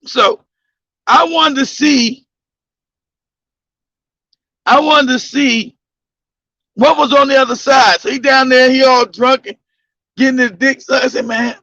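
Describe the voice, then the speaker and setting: A man telling a crude story in loud, casual, profane talk, laughing and breaking into shouts. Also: very high voice, steady tone, takes it slowly, pauses often, no room sound. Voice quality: gravelly. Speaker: podcast host telling a story. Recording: dull lo-fi dry sound.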